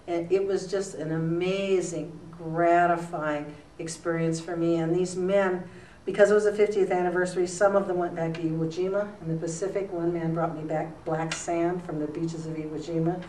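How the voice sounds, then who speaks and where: A woman's voice: lowish voice, little pitch movement, normal speed. An older woman talking as a retired newspaper columnist in an interview, telling rambling stories with plenty of fillers. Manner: rambling, warm anecdotes with many fillers. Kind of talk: relaxed storytelling in an interview. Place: school room. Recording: roomy, distant mic with faint noise.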